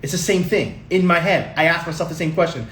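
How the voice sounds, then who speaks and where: A man's voice: on the high side, fairly quick, fairly bright tone, a little hiss or hum. Emphatic man, roomy echo. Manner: emphatic and repetitive, often addresses viewers as guys. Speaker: show host giving tax and investing tips. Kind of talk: casual talk to camera.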